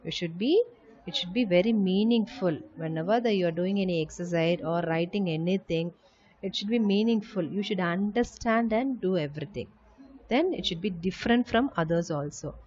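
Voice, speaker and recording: A woman teacher giving a slow, emphatic lesson to young children. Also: fairly low pitch, darkish tone, dull audio. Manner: slow, emphatic, reads habits aloud then explains. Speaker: school teacher.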